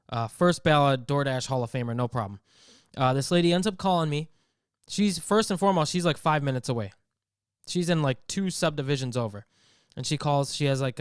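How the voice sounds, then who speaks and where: Brief: comedic podcast host, animated storyteller, clear voice, dry sound. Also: male voice, mid-range voice, no echo. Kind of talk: comedic rant.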